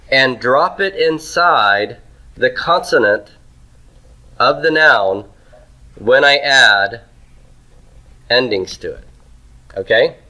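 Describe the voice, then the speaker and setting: Slow, bright-voiced man teaching a class. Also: on the high side, low-quality recording. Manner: asks the class questions and answers them himself; writes on a board while he talks. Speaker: Hebrew teacher. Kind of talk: classroom grammar lecture.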